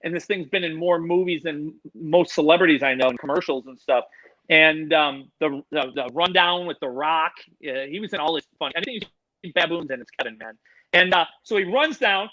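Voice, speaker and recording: A man, a podcast guest who works with animals, telling a story in an animated way and swearing freely. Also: high-pitched, lo-fi sound.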